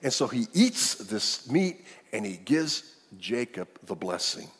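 A male pastor telling a story in a sermon, animated and acting out the characters. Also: fairly low pitch, takes it slowly, husky. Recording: long hall reverb.

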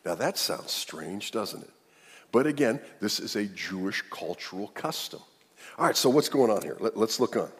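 Husky guy preaching, chatty, asks the room questions, big echoey hall. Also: lowish voice, expressive, normal speed, a bit bright. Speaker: pastor. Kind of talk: sermon. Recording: long reverb of a large hall.

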